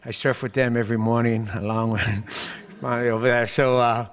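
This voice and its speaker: A man giving a public speech to a business group as mayor, telling stories in an animated way and acting out other people's lines. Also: medium pitch, normal speed. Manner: animated storytelling, acts out quoted voices with laughs. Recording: long hall reverb.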